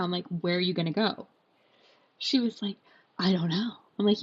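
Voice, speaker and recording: Young woman host, lively storyteller, slightly dull lo-fi sound. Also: medium pitch, fairly quick. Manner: animated storyteller, acts out quotes. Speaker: podcast co-host. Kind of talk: casual storytelling chat.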